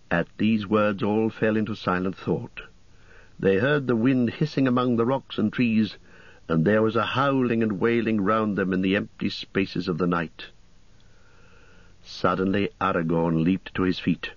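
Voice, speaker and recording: A man narrating an audiobook in a calm, measured manner. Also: lowish voice, no room sound, muffled recording.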